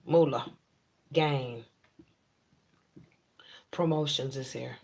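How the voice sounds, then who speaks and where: Speaking extremely slowly in a creaky, mid-range voice, a tarot reader gives viewers a blunt, casual reading. The delivery is frank and slangy, repeating points to drive them home.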